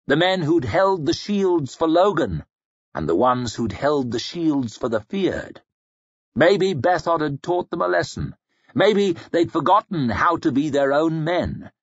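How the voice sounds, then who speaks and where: A man narrating a fantasy audiobook in a grave, measured storytelling voice that sinks low in quiet passages. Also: husky, no room sound. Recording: dull lo-fi audiobook recording.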